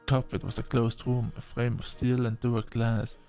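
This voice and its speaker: A man's voice: medium pitch, moderate pace, faint music behind. Man narrating a story in first person. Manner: expressive, reacts with short exclamations.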